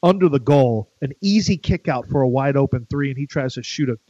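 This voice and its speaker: Chatty middle-aged sports radio host. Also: male voice, mid-range voice, lively intonation, fairly quick, warm tone, dull audio. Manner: rambling, chatty, jokey. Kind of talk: casual sports talk.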